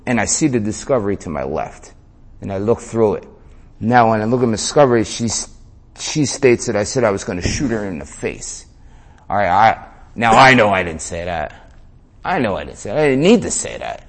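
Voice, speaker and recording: A man telling a story in an interview in a casual way, full of slang, swearing and "man". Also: medium pitch. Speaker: interview guest.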